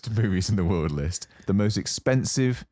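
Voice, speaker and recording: A young adult man co-hosting a podcast, casually telling a long story with lots of fillers and animated asides. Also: lowish voice, moderate pace, no room sound, studio quality. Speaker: podcast co-host. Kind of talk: casual chat.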